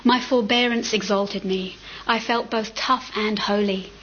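A woman's voice: medium pitch, fairly even intonation, a little slow, a bit bright. A woman reading a story aloud in a casual way, sometimes stumbling over words. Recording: muffled with faint hiss.

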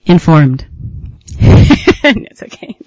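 A man giving a reflective talk as a retreat teacher, musing unhurriedly with gentle laughs and pauses. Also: fairly high pitch, very animated, no echo, dull audio. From United States.

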